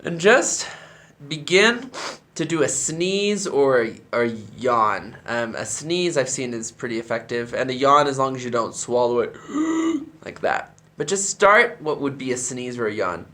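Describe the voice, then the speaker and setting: A man's voice: mid-range voice, expressive, normal speed, sharp tone. A man who directs a church choir, explaining vocal technique in a tutorial and demonstrating the sounds with his own voice.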